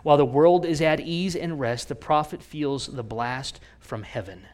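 A man preaching a sermon, telling stories with humor and dropping into hushed whispers for emphasis. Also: fairly high pitch, normal speed. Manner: animated, swings from loud to hushed whispers; conversational storytelling with humor. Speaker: pastor.

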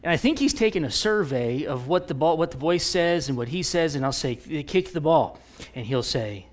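Animated, slightly high-voiced man in his forties. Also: a little fast. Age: 40s. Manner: conversational, animated anecdotes with frequent restarts.

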